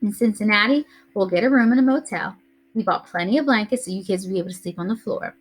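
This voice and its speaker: A woman with a mid-range voice reads a novel aloud to a class at a quick pace, lightly acting the part of an organized mother. In a businesslike, orderly way, that character lays out a road-trip plan step by step.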